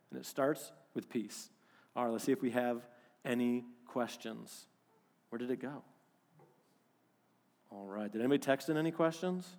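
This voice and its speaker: Animated preacher man in a reverberant hall. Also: medium pitch. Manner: animated, swings from loud to hushed. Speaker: pastor. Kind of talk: sermon.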